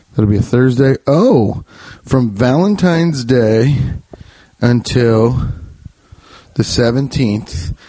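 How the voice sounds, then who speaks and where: Guy rambling on his podcast, mellow voice, dry close mic, keeps cutting himself off. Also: medium pitch, no room sound. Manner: loose, joking, self-interrupting. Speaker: podcast host and comedian. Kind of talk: casual rambling podcast monologue. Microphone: podcast microphone.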